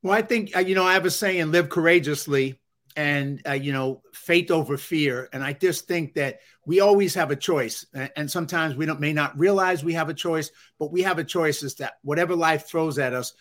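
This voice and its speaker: A man with a deep Bronx New York accent, a guest on an interview show, talking in an earnest, upbeat way with frequent fillers. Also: normal speed, a bit bright. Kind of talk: conversational interview.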